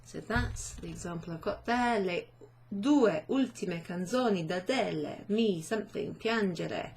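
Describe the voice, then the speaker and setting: A woman's voice: mid-range voice, unhurried, creaky, darkish tone, slight background noise. A woman teaching a chatty, self-deprecating online language lesson, often asking learners questions.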